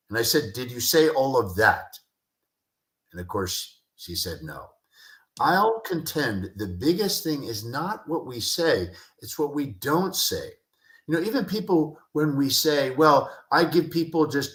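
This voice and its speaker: A man's voice: medium pitch, lively intonation, normal speed, fairly bright tone. Male guest expert, passionate and emphatic, roomy echo. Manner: passionate, repeats key phrases for emphasis. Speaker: guest, communication expert and speaker. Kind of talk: animated interview talk with acted-out anecdotes. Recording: echoey room.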